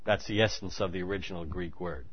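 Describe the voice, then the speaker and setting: A man preaching a sermon, moving between hushed asides and loud, emphatic declarations. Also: deep voice, fast talker, breathy edge, muffled recording. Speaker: pastor.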